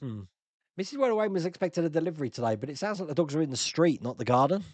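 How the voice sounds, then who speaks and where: A man's voice: fairly high pitch, big pitch swings, rapid-fire, a little mellow, no room sound. A man hosting a casual live-stream Q&A, chatting and laughing as he answers viewer comments.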